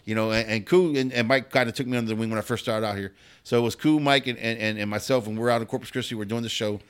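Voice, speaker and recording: A guest comedian on a podcast tells a story casually, swearing often and stumbling as he repeats words at the start of lines. His mid-range voice is clean-toned, fast and fairly even in intonation.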